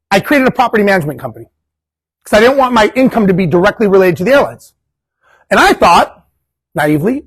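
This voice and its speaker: A high, lively man's voice that tells a story to a meeting-room audience and acts out each part of the dialogue. The sound is husky and close, with a dry room that has little echo, and he curses casually as he goes. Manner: animated, acts out quoted dialogue, swears casually. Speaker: guest speaker at investor meetup. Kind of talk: storytelling talk to a live audience.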